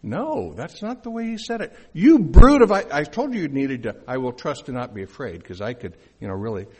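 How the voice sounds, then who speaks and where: A man's voice: mid-range voice, sing-song, a little fast, a little mellow, husky. A male pastor preaching a sermon in a conversational way, with asides and questions to the congregation.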